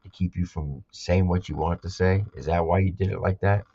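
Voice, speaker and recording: A man's voice: low-pitched, fairly even intonation, brisk, vocal fry, warm tone, husky, dull audio. A man hosting a live album reaction, talking casually and emphatically and repeating his points.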